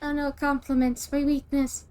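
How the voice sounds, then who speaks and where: A woman from the southern United States talks with viewers while she streams a game. She holds a soft, calm voice that she puts on, pitched high with a mellow, dark tone. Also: normal speed. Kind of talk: casual gaming stream chat.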